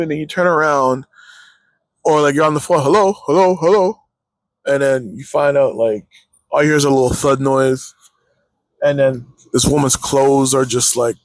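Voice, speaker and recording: A man's voice: medium pitch, creaky, mellow, husky, no echo. A young man hosting his own show, chatting loosely from his parked car, cutting himself off, joking and swearing as he talks. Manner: loose, self-interrupting, swears and jokes. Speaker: podcast host. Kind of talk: casual rambling commentary.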